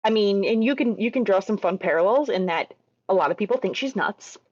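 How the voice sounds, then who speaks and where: A woman's voice: mid-range voice, expressive, brisk, darkish tone, no room sound, highs cut off. A woman guest on a podcast, chatting casually with playful asides. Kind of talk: casual chat.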